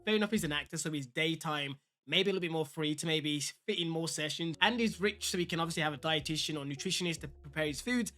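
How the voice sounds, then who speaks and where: A man's voice: a little high, fast, few pauses, sharp tone. A man giving casual, opinionated reaction commentary on a fitness vlog, speaking straight to his viewers. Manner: chatty, opinionated, addresses viewers directly. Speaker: fitness vlogger reacting to a clip.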